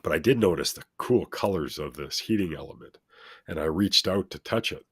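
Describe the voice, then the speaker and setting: A man's voice: deep voice, lively intonation, fairly quick, fairly bright tone, breathy edge, dry recording. A man talking as a show guest, telling a personal story in an earnest, motivational way and repeating phrases for emphasis.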